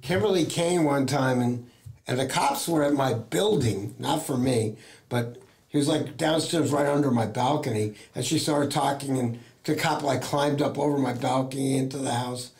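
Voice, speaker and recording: As an interview guest, a middle-aged talent agent from the United States chats casually, telling meandering anecdotes, imitating others' words, and using many fillers. His medium-pitched voice has a darkish tone and a normal speed.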